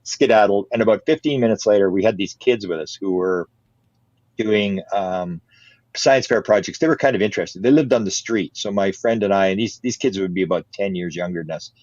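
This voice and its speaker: Older male guest, lowish voice, lively storyteller, dry and slightly muffled sound. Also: fairly quick, dry recording. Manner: animated, repeats words, laughs often. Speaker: interview guest. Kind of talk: casual storytelling.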